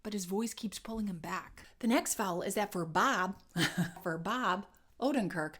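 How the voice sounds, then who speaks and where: A woman's voice: mid-range voice, unhurried, fairly bright tone, husky. Woman, dialect coach, accent lesson, demonstrative, repeats sounds.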